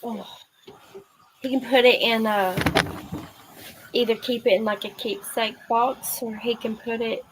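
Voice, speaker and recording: Slow-spoken woman host on a noisy line. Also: a little high, fairly even intonation. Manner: short sympathetic replies. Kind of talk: casual chat.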